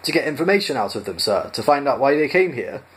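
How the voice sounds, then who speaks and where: A man voicing a petty, aggressive male officer who squeals and shouts his lines high and loud. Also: very animated, quick pace, natural voice. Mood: furious.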